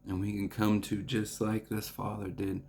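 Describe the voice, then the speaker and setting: A young man reading scripture and reflecting on it in an earnest devotional talk, halting with restarts and fillers. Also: lowish voice, level tone, a little mellow, husky. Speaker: preacher.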